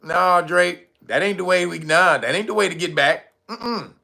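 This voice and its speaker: High, gravelly man laughing through a stream. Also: normal speed, pushed and bright. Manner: laughs constantly, loose and profane. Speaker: livestream host. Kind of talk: livestream chat commentary.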